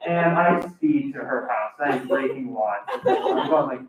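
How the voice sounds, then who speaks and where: A young adult man performs a stand-up set as a student comic, speaking unhurriedly at medium pitch over a loud crowd. He tells a long, rambling story, correcting himself and acting out the voices of the people in it. The live comedy stage recording is noisy, echoey and muffled, captured from far off.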